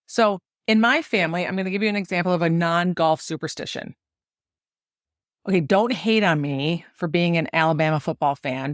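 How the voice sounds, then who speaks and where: A middle-aged woman from the United States hosting a solo podcast, telling stories in an animated way and laughing often. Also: on the low side, no echo, clean studio sound. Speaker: podcast host and golf coach.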